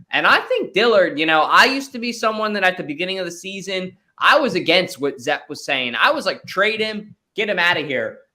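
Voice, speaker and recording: A man co-hosting a sports podcast, talking casually and thinking out loud with hedges and asides. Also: fairly high pitch. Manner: rambling, hedging, thinks out loud. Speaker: podcast co-host.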